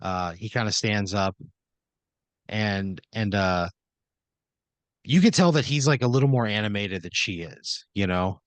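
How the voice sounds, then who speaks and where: A man's voice: fairly low pitch, measured pace, pauses often, no room sound. A man hosting a comedy podcast, narrating an improvised scenario in second person with lots of fillers and restarts. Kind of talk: improvised storytelling.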